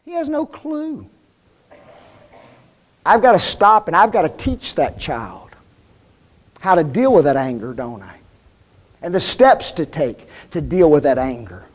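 A male preacher with a high voice that swoops up and down as he talks. He keeps the sermon folksy and plain-spoken and throws question after question at the congregation. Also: very animated, a little slow, pauses often. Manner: asks the congregation frequent rhetorical questions.

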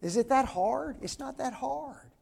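High-voiced gravelly preacher, older man. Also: lively intonation, unhurried, a little mellow. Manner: folksy, asks the congregation rhetorical questions. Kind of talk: sermon.

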